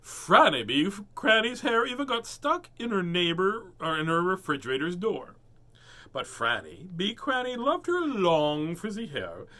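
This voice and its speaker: A man's voice: high-pitched, wildly swooping pitch, a little slow, pushed and bright. A man reading a children's picture book aloud, breaking off for playful jokes and asides. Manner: playful, joking asides, voices characters. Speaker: storybook reader.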